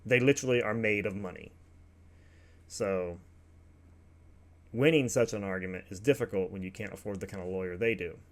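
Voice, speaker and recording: A man's voice: on the low side, normal speed, pauses often. A man hosting an opinion show, reading passages aloud and commenting in a casual, offhand way with asides to his viewers.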